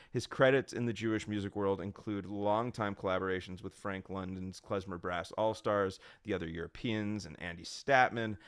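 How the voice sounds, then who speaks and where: A man's voice: on the low side, clean tone, no echo, clean studio sound. A man hosting, reading out a guest introduction and then interviewing, with small stumbles and restarts. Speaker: host.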